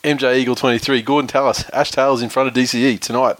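A man's voice: mid-range voice, level tone, quick pace, fairly bright tone. A man chatting casually about football, rambling and swearing a lot and laughing often. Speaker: podcast co-host. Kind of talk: casual sports chat.

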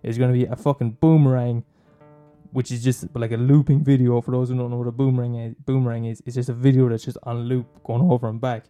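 A man's voice: medium pitch, little pitch movement, quick pace, dark tone, soft background music. A young man doing a profane, mocking comic rant, rambling and swearing constantly. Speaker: comedian.

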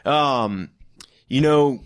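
A podcast host talks in casual chat with a mid-pitched male voice. He sounds laid-back, swears freely and keeps cutting in with short agreement. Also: very slow. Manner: laid-back, swearing, frequent "yeah" backchannels.

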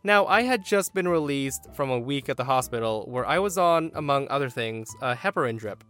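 A man's voice: medium pitch, lively intonation, fairly quick, a bit bright, soft background music. A man hosting a podcast, telling a story in a wry, theatrical way. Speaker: podcast host. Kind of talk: storytelling narration.

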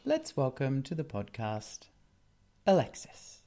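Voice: mid-range voice, huge pitch swings, takes it slowly, mellow. Teasing podcast co-host. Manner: teasing, dry quips, laughs along. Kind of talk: casual chat.

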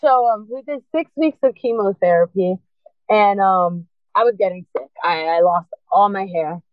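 A woman's voice: mid-range voice, normal speed, no room sound. Woman telling her story over a tinny line. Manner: earnest, emotional, acts out remembered dialogue. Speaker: speaker sharing a personal testimony. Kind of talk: personal storytelling. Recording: tinny phone-like sound, dry.

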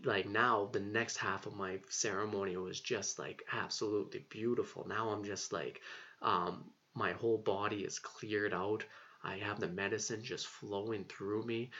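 Young dude rambling his story, lots of likes and ums, kinda low gravelly voice. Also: a bit bright. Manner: rambling, heavy on fillers, swears casually. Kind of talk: personal storytelling monologue. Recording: dull lo-fi recording.

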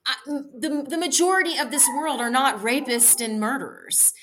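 Woman, interview guest, candid storytelling, halting with restarts, crisp bright tone. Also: high-pitched, lively intonation, a little hiss or hum. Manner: halting, frequent restarts and fillers. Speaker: interview guest, bikepacking racer.

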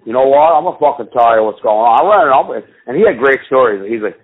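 A man's voice: mid-range voice, lively intonation, fast talker, hardly any pauses, husky. A man telling rambling, profane stories in a casual chat with friends. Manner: swearing, rambling storyteller. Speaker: podcast co-host. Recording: tinny phone-like sound.

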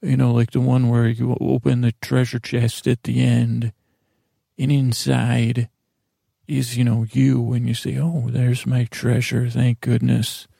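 A man in his forties with a deeply gravelly, mellow voice drifts through a rambling bedtime monologue, stammering and restarting often. His delivery stays flat and drowsy, with a deadpan calm. The sound is dry and close. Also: measured pace, no room sound. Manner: meandering, stammering, with many restarts. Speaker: podcast host.

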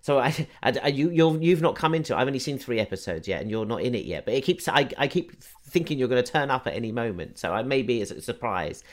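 A man's voice: medium pitch, big pitch swings, quick pace, hardly any pauses. Chatty male radio host who rambles. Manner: chatty, rambling, many restarts. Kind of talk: casual interview chat.

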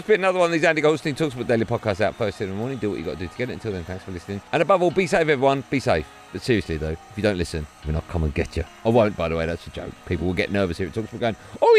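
A man hosting a sports podcast, signing off with a casual, jokey manner and playful mock threats. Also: lowish voice. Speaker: podcast host.

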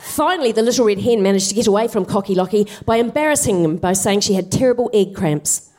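A woman's voice: medium pitch, fast talker, dark tone. A woman comedian telling a comic story live on a theatre stage, with wry, chatty asides. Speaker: guest comedian.

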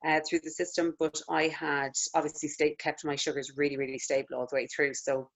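A woman's voice: low-pitched, little pitch movement, brisk. A woman in her thirties with an Irish accent, a lactation consultant chatting casually as an interview guest. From Ireland. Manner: chatty, filler-heavy storytelling with frequent "like".

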